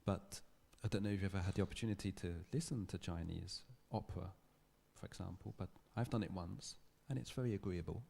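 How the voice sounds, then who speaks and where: Low gravelly man giving a lecture. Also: dark tone. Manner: thoughtful, measured storytelling with restarts. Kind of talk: public lecture. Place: lecture hall.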